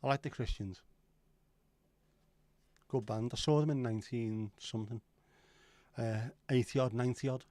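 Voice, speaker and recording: A man's voice: mid-range voice, fairly even intonation, normal speed, pauses often, a little mellow, dry recording. A middle-aged man hosting a casual livestream, rambling, swearing now and then and answering chat comments. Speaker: livestream host.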